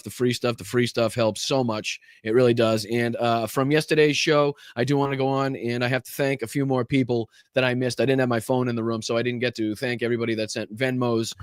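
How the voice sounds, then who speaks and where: A man's voice: mid-range voice, no echo, studio quality. A man hosting a casual political livestream, talking with lots of ums and uhs and greeting viewers in the chat by name. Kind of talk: casual live-stream commentary.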